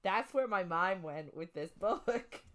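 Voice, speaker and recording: A woman co-hosting a casual book podcast retells the plot in a rambling way packed with "like" and "um". Her medium-pitched voice has lively intonation, a slightly bright quality, and a slow pace.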